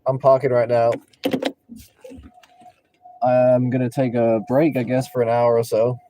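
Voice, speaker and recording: A young man chats loosely with his livestream viewers from inside his car. His voice is very dark and mellow, with middling pitch, and he drifts from thought to thought, talking straight to the chat. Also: monotone, a little slow. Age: 20s. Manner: rambling, talks to chat viewers, breaks into singing. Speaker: livestreaming rideshare driver.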